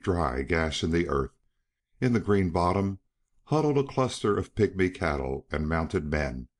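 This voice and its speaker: Deep-voiced man narrating an audiobook.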